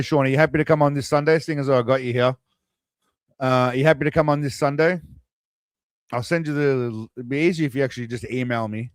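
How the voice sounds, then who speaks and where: A man's voice: mid-range voice, steady tone, fast talker, dry recording. Casual male streamer, talks loosely to chat, dry close mic. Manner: rambling, chatty, speaks to viewers. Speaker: streamer host.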